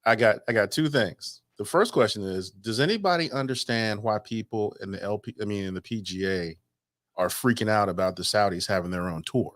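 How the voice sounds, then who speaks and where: A laid-back male podcast co-host with a lowish voice, chatting loosely and cracking jokes. His speech rambles in an easy, casual way. The recording is dry and close. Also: a little fast, a bit bright, dry recording. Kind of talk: casual chat.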